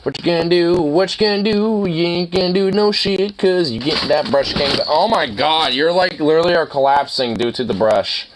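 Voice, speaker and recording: A man's voice: on the high side, moderate pace, few pauses, slight background noise, poor audio. A young man at home chatting to his dog while brushing it, teasing and playful with crude swearing. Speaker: dog owner vlogger.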